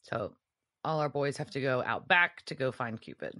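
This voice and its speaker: A woman with a low-pitched voice chats casually on a podcast. Her pitch moves around a lot as she recaps a TV episode, dropping into quick impressions of the characters' lines. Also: animated, sharp tone. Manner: retells scenes acting out quotes. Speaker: podcast co-host.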